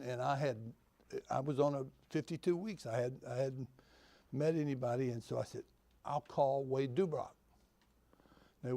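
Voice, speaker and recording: A man talks to a conference audience about the real estate business. His voice has a gravelly, creaky edge at a middle pitch, and he tells homespun stories with dry humor, driving his points home by repeating them. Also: mellow, no room sound. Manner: storytelling, homespun humor, repeats key phrases. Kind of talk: folksy motivational talk to an audience. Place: conference venue.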